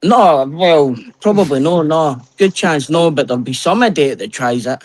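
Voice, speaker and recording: A man's voice: fairly high pitch, animated, normal speed. A man from Scotland with a Scottish accent, bantering in casual chat, joking and swearing freely.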